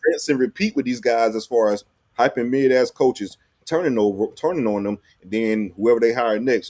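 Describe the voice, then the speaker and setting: A man's voice: mid-range voice, normal speed, darkish tone. A man rants about college football coaches with a co-host, emphatic, mocking and full of swearing. His voice is dry and close, with no room echo. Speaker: co-host of a fan call-in show. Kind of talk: casual sports talk.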